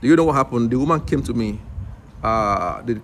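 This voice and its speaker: A man's voice: mid-range voice, brisk, background noise. Nigerian man telling a rambling story. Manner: animated, acts out dialogue with rambling restarts. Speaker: English teacher vlogger. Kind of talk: casual storytelling vlog.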